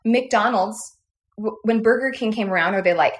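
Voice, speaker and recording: Woman, middle-aged, casual podcast chat, chatty, animated quoting, laughs a lot. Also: medium pitch, moderate pace, slight background noise. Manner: chatty, laughs often, acts out quotes. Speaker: podcast co-host.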